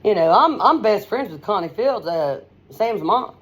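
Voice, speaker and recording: A middle-aged woman talks off the cuff in a casual monologue. She is blunt and outspoken, and she rambles from point to point, calling her listeners honey and man. She speaks at an ordinary pitch into her own device's mic, with no headset. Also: lively intonation, unhurried, slightly rough. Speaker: host.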